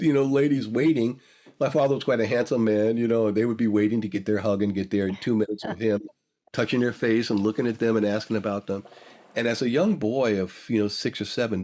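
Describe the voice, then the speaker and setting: A man's voice: medium pitch, darkish tone. An older man, a guest, telling a personal story in a reflective, emotional way, repeating phrases for emphasis.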